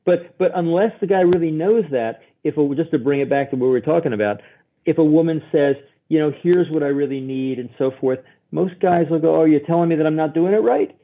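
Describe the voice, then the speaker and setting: A man, a guest therapist, explaining in an animated storytelling way and acting out the voices he quotes. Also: a little high, fairly quick. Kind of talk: expressive explaining. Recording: tinny phone-like line.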